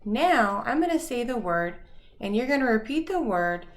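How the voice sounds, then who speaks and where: A woman teacher leading a phonics lesson for young children, saying each word slowly and clearly and praising the listeners. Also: on the high side, very animated. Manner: slow, clearly enunciated words with pauses; encouraging, praising.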